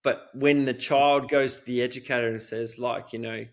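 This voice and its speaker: A man's voice: medium pitch, steady tone, normal speed. Earnest man, rambling answers. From Australia. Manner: earnest, rambling, peppered with "you know". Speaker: guest expert on child safety. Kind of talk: conversational interview answers.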